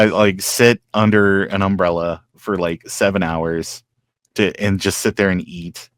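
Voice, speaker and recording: A man's voice: deep voice, steady tone, a little slow, smooth, dry recording. A man hosting an interview, chatting casually and swapping stories, often trailing off and restarting. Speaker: host.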